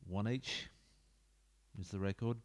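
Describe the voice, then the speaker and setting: Man, low-ish voice, casual chatty let's-play host, rambling asides, home desk mic. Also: slow. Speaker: gaming YouTuber. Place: home room. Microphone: desk mic into computer.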